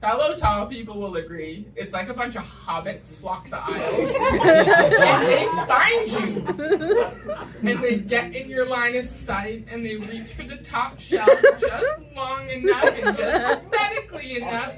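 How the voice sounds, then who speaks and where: A woman from New England performing stand-up, her voice rising and falling in lively swings as she tells wry, self-deprecating stories at an unhurried pace. A loud audience laughs and reacts around her. The mic sits at a distance on the live stage. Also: on the high side, a loud crowd. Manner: wry, self-deprecating storytelling with punchy asides. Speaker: stand-up comedian. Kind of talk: stand-up comedy set.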